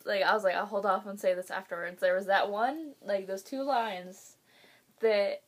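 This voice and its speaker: A woman's voice: mid-range voice, normal speed. A young woman, hosting a casual reaction video, emotional and swearing, laughing through tears.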